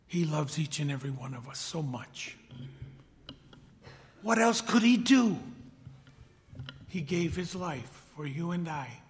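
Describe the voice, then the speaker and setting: A man preaching a sermon, reading scripture aloud, rising to loud emphatic peaks and dropping to soft hushed whispers. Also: fairly high pitch, expressive. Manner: slow, swells loud then drops to a hushed whisper. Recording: long hall reverb.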